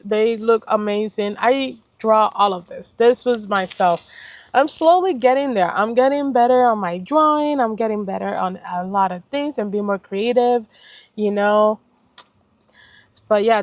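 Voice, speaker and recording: With a mid-range voice and no room sound, this young Puerto Rican woman vlogs about planners in a chatty, rambling way. She keeps correcting herself and apologizing during the casual talk.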